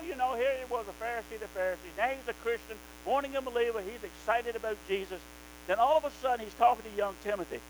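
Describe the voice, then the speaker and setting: Fervent high-voiced preacher. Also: male voice, slight background noise, low-quality recording. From American South. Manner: fervent, emphatic, rising to loud exhortation. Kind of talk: sermon.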